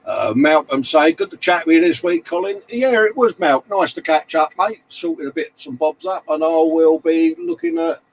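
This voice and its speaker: A man's voice: on the high side, expressive, normal speed, hardly any pauses, rough recording. A middle-aged man, hosting a casual live stream and reading out viewer comments in matey banter. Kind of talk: casual chat.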